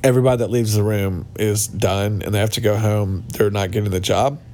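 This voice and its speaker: A man's voice: on the low side, steady tone, a little fast, a little mellow, a little hiss or hum. A man hosting a casual podcast monologue, ranting bluntly and mocking people, recorded in a cabin without his usual mic. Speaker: podcast host. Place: cabin with other people around. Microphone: not his usual podcast mic.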